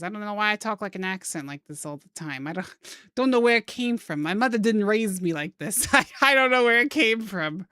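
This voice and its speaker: A woman's voice: medium pitch, lively intonation, fairly quick, sharp tone, dry recording, clean studio sound. A playful young woman chatting casually and joking while she draws on stream. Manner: playful, goofy wordplay and silly put-on phrases. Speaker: streamer drawing live. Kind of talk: casual chat while drawing.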